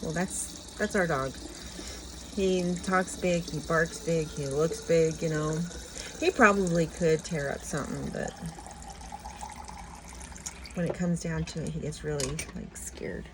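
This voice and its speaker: Rambling slow-talking woman vlogger. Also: low-pitched, background noise. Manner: rambling, chatty, laughs often. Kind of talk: casual morning vlog chat.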